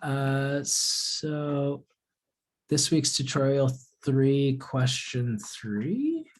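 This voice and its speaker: A man's voice: medium pitch, animated, extremely slow. A young man teaching a live online math lesson in a casual way, answering student questions as he works through problems. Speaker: course instructor.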